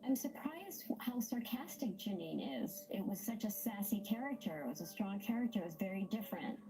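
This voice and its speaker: A woman voice actress recalling her career in a chatty, relaxed interview. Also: mid-range voice, a little fast, rough recording. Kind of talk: casual interview recollection.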